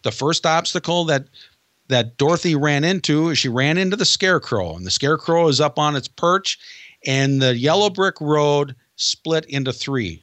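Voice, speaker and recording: A man who coaches salespeople retells a familiar film story step by step. He slows down to stress his points. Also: a little high, a bit bright, no echo. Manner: dramatic retelling, slows for emphasis. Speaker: sales trainer guest.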